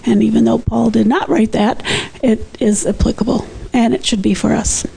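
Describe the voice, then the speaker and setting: A woman in a study group sharing an insight in a measured, thoughtful way. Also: fairly high pitch, fairly even intonation, gravelly, warm tone, breathy edge, rough recording.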